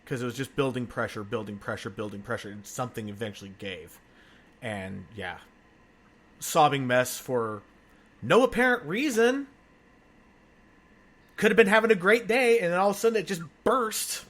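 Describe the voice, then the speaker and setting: A man hosting a conversational interview podcast, talking in an empathetic, expressive way. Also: medium pitch, normal speed, long pauses. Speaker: podcast host.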